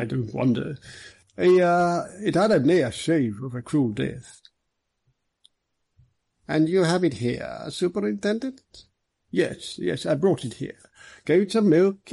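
Man playing a jovial police superintendent, brisk, easy, higher voice, gravelly. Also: lively intonation, warm tone, exaggerated voice. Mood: genial. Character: genial hearty male police superintendent.

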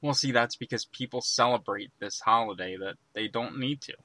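Bright-voiced goofy man, dry sound. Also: mid-range voice, moderate pace, no room sound. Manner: goofy, bantering. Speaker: podcast co-host. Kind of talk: crude comedic chat.

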